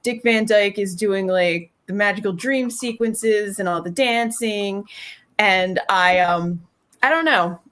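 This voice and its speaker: A woman's voice: medium pitch, takes it slowly, a bit bright. A woman co-hosting a podcast, chatting casually about a film with many fillers and restarts. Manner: rambling, heavy use of "like" and "um". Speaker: podcast co-host. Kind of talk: casual movie review chat.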